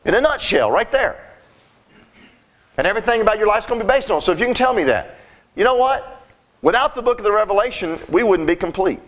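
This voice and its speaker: A high-pitched man preaches a sermon, talking to his listeners in a folksy, emphatic manner. He often stumbles and repeats words as he builds each point. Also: lively intonation, fast, pauses often, a bit bright.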